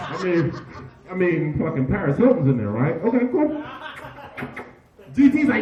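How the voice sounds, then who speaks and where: A man emceeing a comedy tribute show, loud and profane, hyping the crowd between stories. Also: high-pitched, big pitch swings, moderate pace, pauses often, distant mic, muffled recording. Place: comedy bar stage with audience. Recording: echoey room, mic from afar, crowd.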